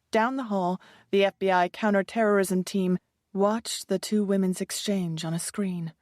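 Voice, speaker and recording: A woman narrating a suspense audiobook in a measured, even reading. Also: mid-range voice, no room sound, clean studio sound.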